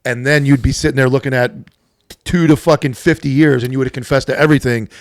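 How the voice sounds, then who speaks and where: A man's voice: mid-range voice, fairly even intonation, fast, no room sound. A man co-hosting a podcast in casual chat, cutting in with wry remarks and explaining legal steps. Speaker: podcast co-host.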